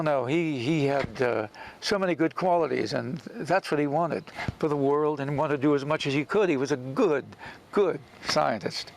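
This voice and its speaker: A man's voice: on the high side, vocal fry, noisy background. An older man reminiscing in an interview about acting in a film, telling stories animatedly and acting out quoted lines. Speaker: actor recalling a film role.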